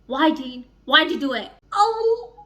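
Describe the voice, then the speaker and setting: A young woman chatting in a casual reading vlog, excitable, rambling and swearing freely as she rants about characters. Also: high voice, takes it slowly, noisy background. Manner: rambling, restarts often. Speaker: book vlogger.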